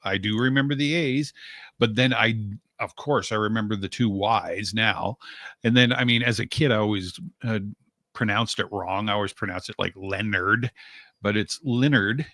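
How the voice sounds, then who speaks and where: A man co-hosting a talk radio show, chatting casually and acting out his own reactions in an animated way. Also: normal speed, no room sound, studio quality. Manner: animated, acts out his own reactions with big pitch jumps.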